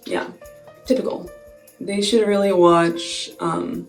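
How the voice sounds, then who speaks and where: A young woman vlogger with a lowish voice tells a story slowly and with fairly even intonation while she does her makeup. She's chatty and casual, dropping "like" constantly and giggling as she goes. The room is echoey, the mic sits far away, and faint music plays in the background.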